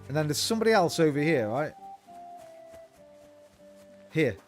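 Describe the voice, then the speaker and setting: A man's voice: a little high, very animated, normal speed, faint music behind. A man giving casual, profane, rambling commentary as he streams a game.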